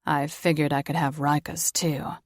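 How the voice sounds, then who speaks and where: A woman narrating an audiobook and voicing a gentle, protective young man who talks softly and calmly. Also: deep voice, normal speed, no echo, clean studio sound, pitched below the performer's own voice. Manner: soft, calm, tender.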